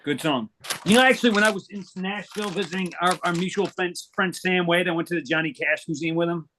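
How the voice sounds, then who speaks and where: A man's voice: sits high, fast, bright, forceful tone, a little hiss or hum. A middle-aged man hosting a podcast, joking around playfully and asking loose, casual questions. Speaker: podcast host.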